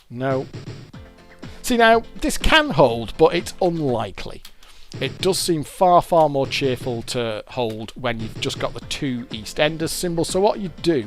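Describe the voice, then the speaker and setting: A British man talks through a fruit machine game in a loose, chatty way, wandering between explanations as he plays. His voice sits a little high for a man and swings up and down a lot, with faint machine music behind him. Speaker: fruit machine gameplay commentator. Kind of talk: casual gameplay commentary.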